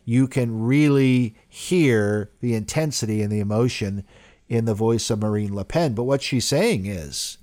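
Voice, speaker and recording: A man's voice: medium pitch, a little slow. A man delivering a political commentary monologue in an emphatic way. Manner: emphatic, rising loudly when quoting.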